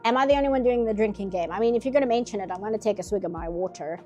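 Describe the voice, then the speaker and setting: A woman's voice: mid-range voice, very fast, warm tone, soft background music. A woman with a South African accent chatting casually and eagerly on a live art stream from her home office, often laughing. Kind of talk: casual chat while drawing.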